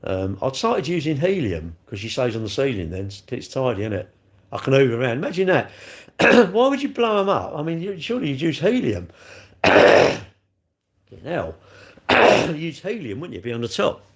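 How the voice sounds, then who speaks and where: A man's voice: medium pitch, big pitch swings, a little fast. A man rambling and joking as he answers chat comments on a live stream. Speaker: livestreamer reading chat.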